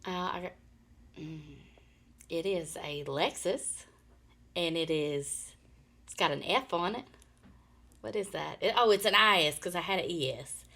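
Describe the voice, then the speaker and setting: Bright lady, lively storyteller, laughs a lot while she talks. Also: lowish voice, measured pace, pauses often. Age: older. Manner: animated storyteller, laughs often. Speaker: podcast co-host. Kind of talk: casual chat. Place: Nashville area.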